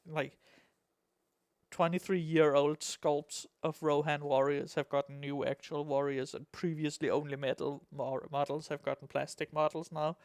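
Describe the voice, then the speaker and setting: A man co-hosting a casual hobby podcast, excitable and jokey, swearing freely. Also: fairly high pitch, no echo, clean studio sound. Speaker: podcast co-host.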